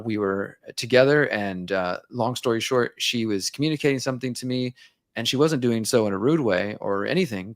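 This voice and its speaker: A man's voice: medium pitch, a bit bright, dry recording, clean studio sound. A man speaking as an interview guest, talking candidly and reflectively, and sometimes acting out his own inner dialogue.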